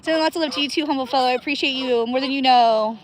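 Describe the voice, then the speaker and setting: A woman livestreams outdoors from a cold river, her high voice racing as she shivers. She chats casually with viewers by name and laughs often.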